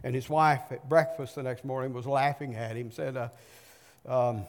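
A man's voice: mid-range voice, fairly even intonation, moderate pace. An older man preaching a sermon, reading scripture aloud and pressing the point with emphatic rhetorical questions. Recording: long reverb from a large hall.

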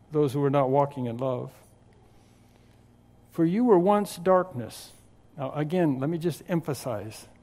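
A pastor delivers a verse-by-verse sermon, his voice sitting a little high for a man. He leans hard on key words, stretching them out for weight. The sound carries a long, ringing hall reverb. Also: mellow. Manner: emphatic, drawn-out stresses on key words. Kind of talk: expository sermon.

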